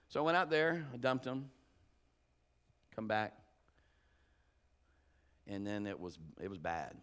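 A man's voice: on the low side, sing-song, a little slow, long pauses, fairly bright tone, clear, resonant tone. A middle-aged man preaching a conversational sermon, telling folksy stories with restarts and trailing thoughts. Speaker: pastor.

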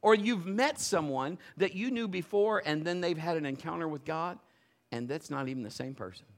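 A male pastor preaching a sermon in a conversational storytelling way, building to loud emphatic bursts. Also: on the high side, moderate pace, vocal fry.

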